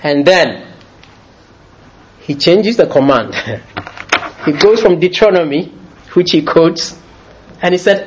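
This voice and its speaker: A high-voiced, middle-aged man delivers a sermon, playful and quick to laugh. The sound is a little muffled and lo-fi. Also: slight background noise. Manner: lively, jokey, often laughing as he talks. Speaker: preacher.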